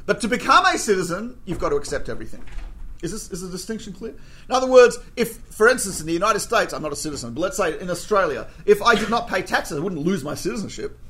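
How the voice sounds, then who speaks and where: A rabbi teaches a class as a humorous storytelling lecture, animatedly acting out quoted exchanges and cracking jokes. He talks fast in a high voice, and a little hiss or hum is audible.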